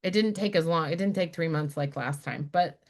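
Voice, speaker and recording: A woman's voice: deep voice, brisk. A middle-aged woman from Utah, a spiritual director telling a personal story in a conversation and acting out the people she quotes. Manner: animated storyteller, acts out quoted friends. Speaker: guest, spiritual director and activist.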